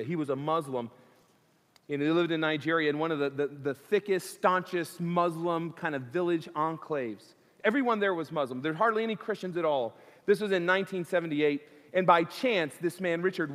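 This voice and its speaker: A male pastor preaching an earnest sermon, building intensity through repeated phrases. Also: a little high. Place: church sanctuary. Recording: long church reverb.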